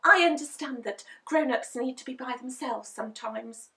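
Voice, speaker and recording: A woman's voice: high voice, normal speed, fairly bright tone, voice pushed up. A woman voicing a prim, tattling goody-goody little boy. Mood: prissy. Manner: sweet, prissy, tattling. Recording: echoey room, mic at a distance.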